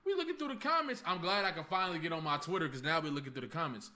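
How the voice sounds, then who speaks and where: Animated high-voiced man ranting slangily. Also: very fast, few pauses. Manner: animated, emphatic, slangy trash talk. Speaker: commentator on a reacted video. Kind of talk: casual reaction commentary.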